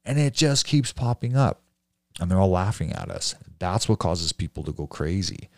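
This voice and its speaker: A man's voice: sits low, big pitch swings, normal speed, darkish tone, no room sound, studio quality. A man coaching painting contractors in a blunt, profane rant full of rhetorical questions. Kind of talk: casual rant to a class.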